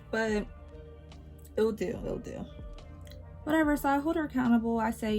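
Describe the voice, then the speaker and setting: A young woman vlogger telling a storytime while doing her makeup, animated and swearing freely, swinging between loud exasperation and low muttered asides. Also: moderate pace, pauses often, faint music behind.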